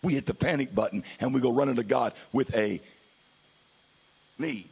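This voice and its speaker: A man pastor preaching a sermon, swinging from quiet asides to loud, drawn-out exclamations. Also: mid-range voice, husky.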